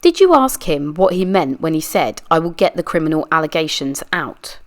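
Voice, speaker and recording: A woman's voice: low voice, very animated, moderate pace. A woman reading a deposition aloud, voicing a lawyer who asks methodical, pressing questions. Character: persistent adult lawyer questioning a witness. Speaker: true crime channel reader. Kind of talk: read-aloud deposition reenactment.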